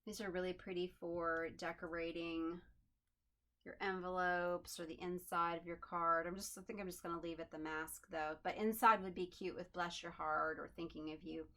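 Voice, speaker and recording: A woman's voice: fairly low pitch, steady tone, normal speed, pushed and bright. A woman hosting a home craft tutorial, chatting in an upbeat way and thinking aloud as she works at her desk. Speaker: crafting channel host.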